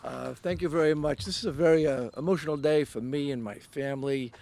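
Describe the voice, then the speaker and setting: An older man giving a heartfelt, halting dedication speech outdoors, with many fillers. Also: on the high side, creaky, background noise. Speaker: dedication speaker. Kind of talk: public speech. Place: outdoors at a pond.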